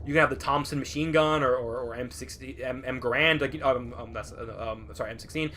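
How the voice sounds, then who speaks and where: A man's voice: mid-range voice, fairly quick, a little hiss or hum. A man co-hosting a let's play, telling rambling, profane stories in casual gameplay commentary and acting out voices as he goes. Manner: animated, acts out voices in anecdotes.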